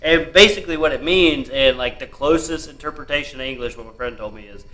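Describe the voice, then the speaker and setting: Laughing young guy, bright forward voice. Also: mid-range voice, fast. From Southern US. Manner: chatty, laughing often, swearing freely. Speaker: podcast co-host. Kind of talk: casual podcast chat.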